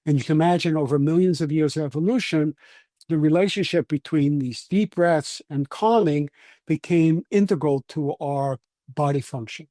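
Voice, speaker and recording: Brooklyn scientist guest, fairly high mellow voice, dry close sound, lecturing patiently. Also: male voice, dry recording. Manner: patient, lecturing, with frequent restarts. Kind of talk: explanatory interview answers.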